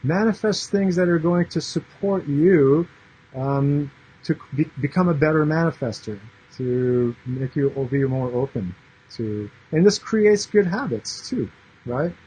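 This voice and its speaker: A man's voice: a little high, unhurried, warm tone, slightly rough, rough recording. A man in his thirties, a yoga and meditation teacher, talking casually and earnestly to camera, rambling with many fillers and restarts.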